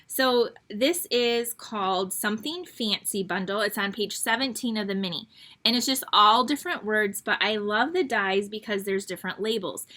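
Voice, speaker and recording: A woman's voice: fairly high pitch, sharp tone. A middle-aged woman hosting an online card-making class, chatty and rambling with frequent ums. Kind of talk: casual crafting tutorial.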